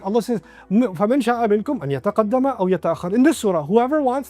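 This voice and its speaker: A man delivers a religious talk in a relaxed, conversational manner, and his voice sits fairly high for a man. He keeps asking the listeners questions and briefly acts out the people he describes. Soft music plays faintly beneath him. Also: racing, few pauses. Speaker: preacher. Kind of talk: religious lecture.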